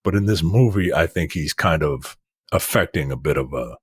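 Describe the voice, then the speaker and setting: A man's voice: very deep voice, animated, moderate pace, slightly rough, no room sound, studio quality. A man co-hosting a casual film review chat, blunt and profane, rambling with lots of fillers. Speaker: podcast co-host.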